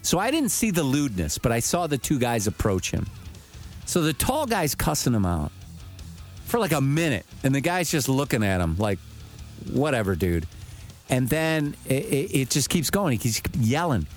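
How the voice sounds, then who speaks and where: A man's voice: mid-range voice, moderate pace, faint music behind. A man telling a story in casual chat, swearing freely and acting out what people said. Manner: profane, animated, acts out quotes.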